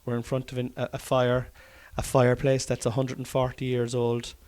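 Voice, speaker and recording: A man's voice: mid-range voice, completely flat delivery, moderate pace, a little mellow. An Irish man, a comedian hosting a podcast, chatting casually at home, swearing often and rambling. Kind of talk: casual chat. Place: study by an open fire at home.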